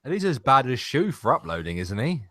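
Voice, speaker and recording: A man's voice: medium pitch, very animated, brisk, pushed and bright, no room sound, studio quality. A British man on voice chat, brash and mocking in casual stream banter. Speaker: stream guest. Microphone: online voice chat.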